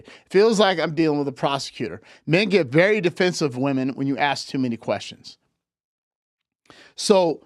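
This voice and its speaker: A man's voice: on the high side, dry recording, clean studio sound. A man coaching on relationships in a live talk, lecturing emphatically with repeated points.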